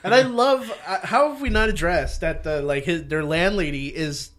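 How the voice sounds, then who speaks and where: A man co-hosting a casual podcast chat, telling a story and acting out the lines in high, excited voices. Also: normal speed. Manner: animated storyteller, acts out quotes in high voices. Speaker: podcast co-host.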